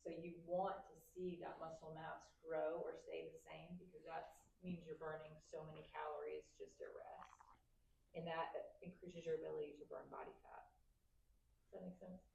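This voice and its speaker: A woman with a very low, gravelly voice explains nutrition softly to a class. She is heard from a distance in an echoey room with faint background noise. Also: level tone, moderate pace.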